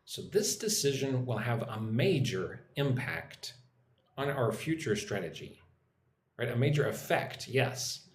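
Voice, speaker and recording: A man's voice: mid-range voice, very animated, reverberant, slight background noise. An American man hosting a live online English lesson, reading viewer comments and explaining vocabulary and pronunciation. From United States. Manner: drills pronunciation slowly, syllable by syllable. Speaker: English teacher hosting a livestream. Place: home room with a loud air conditioner.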